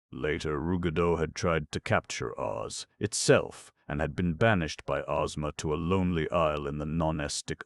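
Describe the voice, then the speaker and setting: A man's voice: a bass voice, dry recording. A man reading a children's fantasy audiobook in a scripted storytelling manner. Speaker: audiobook narrator. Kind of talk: scripted narration.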